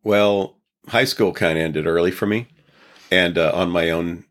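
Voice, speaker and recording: Man, from Texas, deep low voice, podcast guest, rambling reflective storytelling, occasional chuckles. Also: measured pace. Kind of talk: casual storytelling interview.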